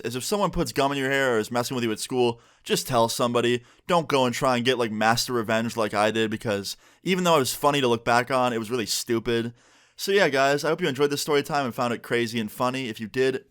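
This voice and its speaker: A young man vlogging a storytime, telling it in a lively, animated way with swearing. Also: mid-range voice. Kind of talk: storytime vlog.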